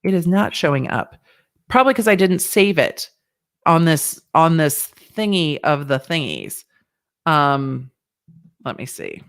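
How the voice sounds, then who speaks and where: A woman's voice: low-pitched, big pitch swings, a little slow. A woman lawyer hosting a casual livestream and chatting with viewers in a rambling, playful way.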